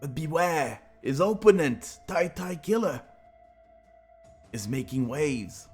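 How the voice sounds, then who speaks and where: A man doing a slow, hushed nature documentary narrator. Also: on the high side, expressive, slightly rough, faint music behind, exaggerated voice. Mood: solemn. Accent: French. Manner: slow, drawn-out, solemn narration.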